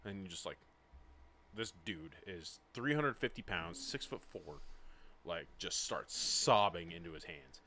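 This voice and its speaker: Animated young man telling a wild story. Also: unhurried, a little hiss or hum. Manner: animated, acts out quoted people with big pitch jumps, swears freely. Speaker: podcast co-host telling a story. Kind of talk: casual storytelling chat.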